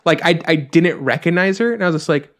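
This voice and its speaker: A man's voice: fairly high pitch, animated, quick pace, fairly bright tone. A man hosting a podcast in casual chat, rambling through stories and swearing freely. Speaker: podcast host.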